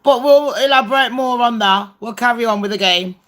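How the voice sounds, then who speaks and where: A British woman hosts a casual livestream, chatting with viewers in a blunt, rambling style peppered with swearing. Her voice is slightly high and fairly bright, and she talks a little fast.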